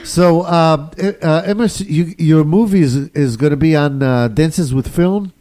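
A man's voice: on the high side, a little slow, mellow. A man hosting a casual interview, asking questions with lots of hesitant fillers. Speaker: host.

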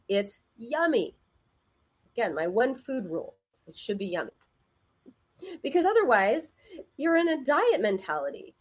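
A woman therapist giving advice in a casual, conversational way, often acting out the voices of people she quotes. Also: fairly high pitch.

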